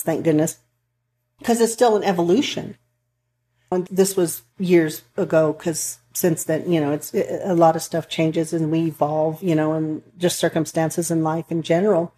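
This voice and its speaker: A woman's voice: on the low side, mellow. A woman counselor talking earnestly in a casual chat, rambling a bit with restarts as she tells stories. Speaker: counselor for couples and families.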